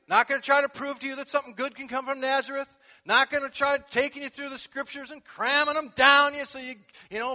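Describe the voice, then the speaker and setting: A male pastor preaching a sermon, animated, swinging from soft conversational asides to loud emphatic peaks. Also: extremely high pitch. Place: church sanctuary. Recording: long echo of a large hall.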